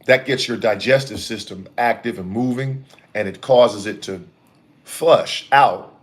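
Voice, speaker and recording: A man's voice: on the low side, measured pace. A middle-aged man hosting a casual home chat about healthy eating, his throat irritated and coughing now and then. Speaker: host.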